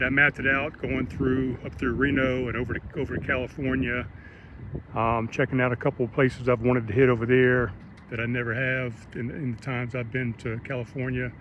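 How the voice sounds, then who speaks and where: Brief: middle-aged man, casual rambling vlog chat, earbud mic outdoors with clear traffic noise behind. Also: mid-range voice. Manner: relaxed, rambling, friendly. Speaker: vlogger. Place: outdoors on a walking trail at sunset.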